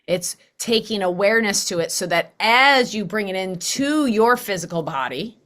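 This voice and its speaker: A woman's voice: medium pitch, lively intonation, moderate pace, fairly bright tone. A middle-aged woman hosting a podcast, talking casually and animatedly, acting out quoted voices. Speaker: podcast host. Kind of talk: casual conversational interview.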